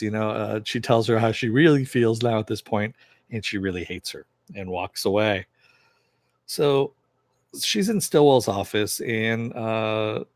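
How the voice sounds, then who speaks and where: A man's voice: fairly low pitch, no room sound. A man giving a casual episode recap as a reviewer, retelling the plot with lots of fillers. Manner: rambling retelling full of fillers.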